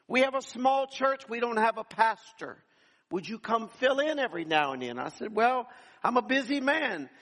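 The pastor's voice is very high-pitched and fairly bright as he delivers a sermon in a church sanctuary, animatedly telling stories and acting out the people he quotes.

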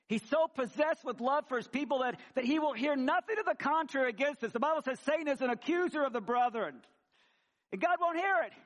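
Animated high-voiced preaching man. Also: brisk. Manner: animated preaching, swinging from loud emphasis to quiet asides; conversational, with frequent restarts and humor. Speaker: pastor. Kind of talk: sermon. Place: church sanctuary.

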